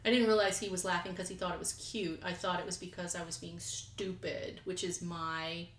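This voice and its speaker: A woman's voice: fairly low pitch, level tone, moderate pace, a little hiss or hum. A young woman co-hosting a podcast in casual chat, rambling and self-deprecating, laughing often. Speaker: podcast co-host. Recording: echoey room.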